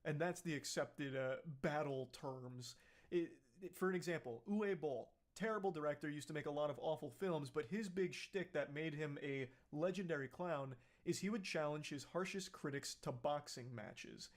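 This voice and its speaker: A man's voice: on the high side, normal speed. A man giving sarcastic, mocking reaction commentary on a video clip. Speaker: commentary YouTuber.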